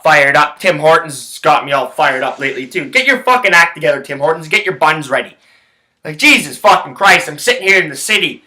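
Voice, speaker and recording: A man's voice: on the high side, pushed and bright, rough recording. A man ranting heatedly about hockey and sports betting, swearing constantly and rambling from point to point. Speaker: sports handicapping vlogger. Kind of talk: profane ranting commentary.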